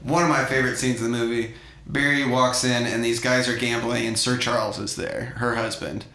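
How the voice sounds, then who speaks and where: A man's voice: medium pitch, a little fast. A man co-hosting a podcast, chatting casually and animatedly about a film in slangy talk. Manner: animated, slangy, acts out movie lines. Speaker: podcast co-host. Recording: echoey room.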